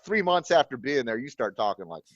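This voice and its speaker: A man's voice: mid-range voice, big pitch swings, a little fast, dry recording. Man telling dry-humored anecdotes, muffled. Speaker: guest. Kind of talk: casual group chat on a video call. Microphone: video call.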